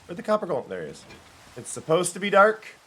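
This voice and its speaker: A man chatting playfully and excitably with viewers during a live gaming stream. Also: sits high, a little fast, a little hiss or hum. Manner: playful, excitable, talks to chat.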